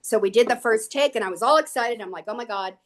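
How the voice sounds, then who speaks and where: A woman guest on an interview show, telling lively anecdotes and acting out what people said. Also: fairly high pitch, fast talker. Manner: lively, animated anecdotes with acted quotes. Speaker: guest actress. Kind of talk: casual interview storytelling.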